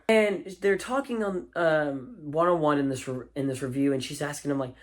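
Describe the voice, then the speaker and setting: A man's voice: on the high side, normal speed, hardly any pauses. A man giving a casual spoken movie review, enthusiastic and rambling, with fillers and restarts.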